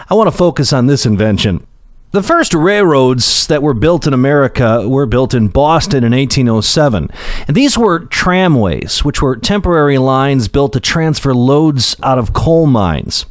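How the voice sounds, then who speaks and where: A man hosting a short radio history segment, telling the story in a lively, conversational way. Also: on the high side, no room sound. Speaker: radio host. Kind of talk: scripted history narration.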